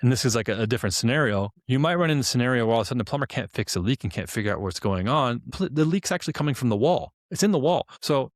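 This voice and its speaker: A man's voice: mid-range voice, animated, rapid-fire, hardly any pauses, no room sound, studio quality. A man co-hosting a podcast, explaining in a casual, storytelling way and acting out both sides of the dialogue. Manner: informal, many "like" fillers and restarts. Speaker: podcast co-host.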